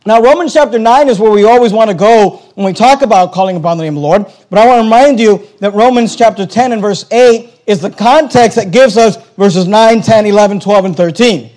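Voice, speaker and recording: A man preaching with a strikingly high-pitched voice, driving his points home through emphatic repetition. He delivers a pastor's sermon, returning again and again to the same phrases. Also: a little fast, hardly any pauses, a little mellow, poor audio.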